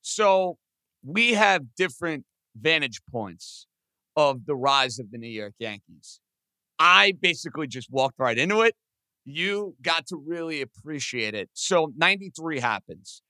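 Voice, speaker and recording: Excitable, bright-voiced male sports podcaster. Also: a little high, no room sound. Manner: excitable, talks fast with lots of "like". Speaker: podcast co-host. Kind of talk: casual sports chat.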